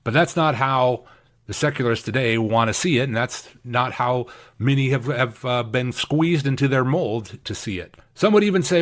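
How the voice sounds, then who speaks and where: A man's voice: mid-range voice, moderate pace, fairly bright tone. A man preaching a sermon, emphatic and repeating key phrases for stress. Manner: acts out quoted speakers in shifted voices. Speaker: pastor.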